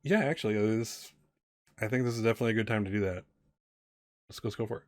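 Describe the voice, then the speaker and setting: A man's voice: fairly low pitch, fast, dry recording. A man narrating a tabletop game as game master, rambling with many fillers and restarts.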